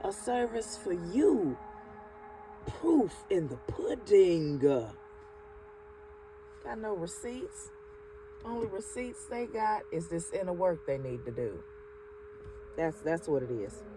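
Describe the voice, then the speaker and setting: Her voice is lowish, mellow, and animated as she slowly works through a spiritual energy reading for her channel, pausing often. She stretches her words, offers affirmations, calls the listener "baby," and chuckles, with music behind her on low-quality audio.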